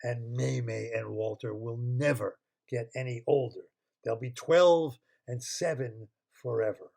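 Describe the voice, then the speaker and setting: A man's voice: mid-range voice, measured pace, creaky, darkish tone, voice pushed down. A man voicing a scheming male villain who taunts and threatens in a told bedtime-style story over a computer call. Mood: gloating. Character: gloating scheming male villain holding a hostage. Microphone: computer mic on a video call.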